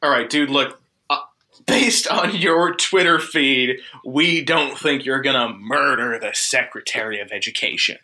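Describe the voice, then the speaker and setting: A man's voice: mid-range voice, unhurried, sharp tone. A man doing a weary federal marshal. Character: weary male federal marshal questioning a suspect.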